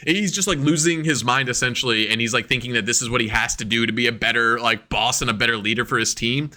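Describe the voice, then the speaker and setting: Bright, excitable man co-hosting a podcast. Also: mid-range voice, quick pace, few pauses. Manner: excitable, profane, acts out quotes. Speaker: podcast co-host. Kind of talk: casual chat.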